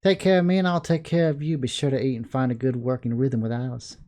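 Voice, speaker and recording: A man with a Southern accent voicing a stern, formal male school official who speaks in a measured, composed way. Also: mid-range voice, steady tone, warm tone, voice pushed up, close to an everyday voice. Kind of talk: video game dialogue reading.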